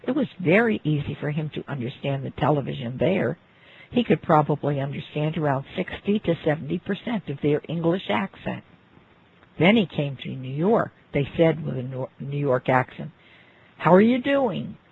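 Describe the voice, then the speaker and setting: A man with a very husky, gravelly voice, pitched a little above the usual, tells a life story in an unhurried, reflective way. He turns to the listener now and then as he goes. The sound is thin and phone-like. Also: animated. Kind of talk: spoken narration of a life story. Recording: phone-like lo-fi recording.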